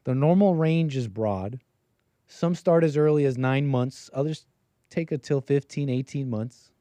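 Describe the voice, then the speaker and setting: Brief: loose, rambling male host joking with his chat, mid-pitched, close and dry. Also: measured pace, warm tone, dry recording. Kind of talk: live-stream call-in show.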